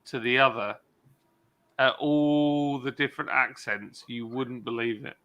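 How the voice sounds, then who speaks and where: Slow, very bright man. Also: medium pitch, fairly even intonation, highs cut off. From England. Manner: rambling, mimics regional accents. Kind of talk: casual chat.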